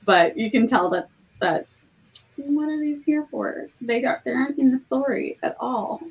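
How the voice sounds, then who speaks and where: A woman's voice: sits high, normal speed, gravelly, slightly rough. A woman co-hosting a casual book podcast, chatting loosely with frequent fillers. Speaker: book club co-host. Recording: slightly dull lo-fi audio.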